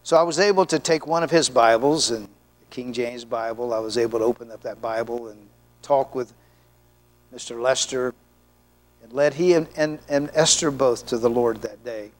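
A man's voice: medium pitch, moderate pace. A middle-aged male pastor preaching a sermon, telling stories and acting out the voices of the people in them. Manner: animated storyteller, acts out voices in anecdotes. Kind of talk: sermon with storytelling.

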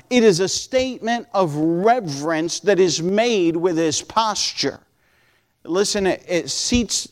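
A man preaching a sermon and reading Bible verses, earnest, stretching out key words, often restarting phrases. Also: a little high. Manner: earnest, drawn-out emphasis with repeated restarts.

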